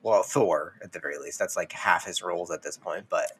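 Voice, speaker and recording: A man's voice: low-pitched, fairly quick, fairly bright tone, a little hiss or hum. Rambling, playful male podcast co-host. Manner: rambling, playful, laughs while talking. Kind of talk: casual podcast chat.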